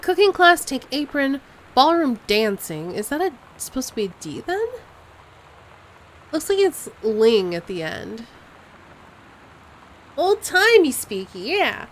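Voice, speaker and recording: A woman's voice: on the high side, sing-song, normal speed, rough recording. A woman streaming a game live, musing aloud and puzzling over clues as she plays.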